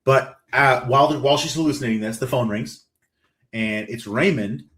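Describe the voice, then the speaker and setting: A man hosting a podcast, recapping a horror story in a casual, animated way and briefly acting out the lines of its characters. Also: mid-range voice, moderate pace. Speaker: podcast host.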